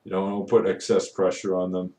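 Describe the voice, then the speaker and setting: Man, low mellow voice, swears nonstop, rambling rant, roomy distant recording. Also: monotone, a little fast. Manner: profane, swears constantly, rambling. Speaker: retail worker. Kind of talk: casual ranting vlog. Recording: roomy echo, voice away from the mic.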